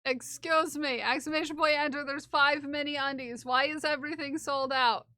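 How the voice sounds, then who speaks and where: A woman livestreamer chatting casually with her viewers in a playful, giggly way, often repeating phrases in silly drawn-out voices. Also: sits high, steady tone, bright, forceful tone, dry recording, clean studio sound. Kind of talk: casual live-stream chat with viewers.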